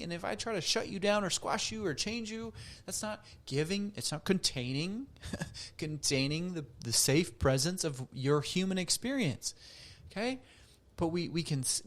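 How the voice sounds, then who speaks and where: A man in his thirties, a counselor speaking earnestly to camera, livening up when he quotes others. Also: on the high side. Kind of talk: reflective monologue to camera.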